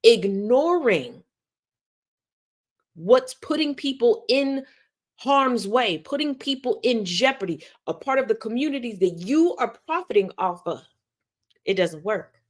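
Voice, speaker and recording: A woman's voice: fairly high pitch, animated, measured pace. Sarcastic woman commentator. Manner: sarcastic, mocking, pointed. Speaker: commentary host. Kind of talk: commentary video.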